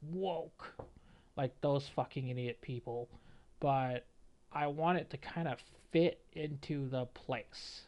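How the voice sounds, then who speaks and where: A man's voice: mid-range voice, fairly even intonation, slow, darkish tone. A man giving an opinionated reaction commentary on a game, rambling with many fillers. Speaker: gaming video creator.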